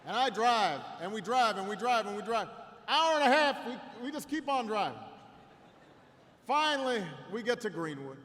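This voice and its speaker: Middle-aged male orator, high-pitched, halting repeats, long echo of a big hall. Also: big pitch swings. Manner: halting repetitions, slow build to shouted climax. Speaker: political candidate speaking at a rally. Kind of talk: storytelling campaign speech. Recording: long reverb in a large hall, faint noise.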